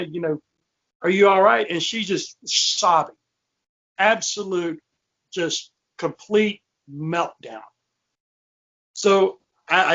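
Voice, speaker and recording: A man's voice: sits high, a bit bright. Filler-heavy man telling a ghost story. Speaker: podcast host. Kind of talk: casual storytelling. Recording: muffled lo-fi podcast audio.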